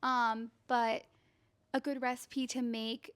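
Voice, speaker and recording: A woman's voice: a little high, level tone, slow, clean tone. A woman in her twenties co-hosting a casual podcast chat, bubbly and chatty, laughing often. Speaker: podcast co-host.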